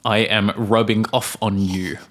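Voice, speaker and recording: A man co-hosting a casual podcast, easygoing and quick to agree. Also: lowish voice, little pitch movement. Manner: easygoing, short agreeing replies. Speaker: podcast co-host.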